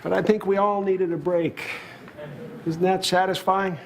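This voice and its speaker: An exasperated macho old politician. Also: male voice, sits high, unhurried. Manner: exasperated, energetic. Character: energetic macho older male politician, impression. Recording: live sketch with audience noise.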